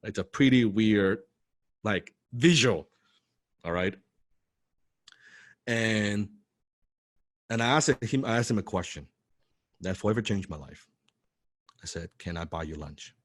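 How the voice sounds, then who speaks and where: A man telling a personal story to an audience, excitable and swearing freely, full of restarts and "right?" tags. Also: lowish voice, slow, pauses often, dry recording, clean studio sound. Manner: restarts and repeats words often. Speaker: motivational speaker telling his story. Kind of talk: animated storytelling talk.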